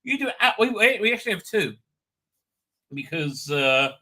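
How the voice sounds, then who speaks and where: Rambling, sharp-voiced male livestream host. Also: sits high, big pitch swings. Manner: rambling, chatty, quick to laugh. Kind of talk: casual live chat, reading viewer comments.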